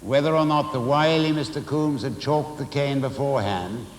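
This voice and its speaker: A man reading a memoir aloud with expressive, dramatic storytelling and occasional asides. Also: mid-range voice, moderate pace, slight background noise. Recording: roomy hall reverb.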